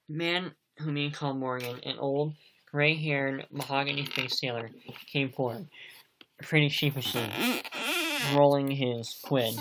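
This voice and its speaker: A man's voice: medium pitch, steady tone, a little slow, fairly bright tone. Man reading a novel aloud. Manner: plain, occasionally stumbling reading. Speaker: amateur audiobook reader.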